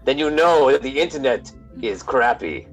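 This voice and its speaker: A man's voice: mid-range voice, lively intonation, moderate pace, highs cut off, faint music behind. A man chatting and laughing casually while running an online tabletop game stream.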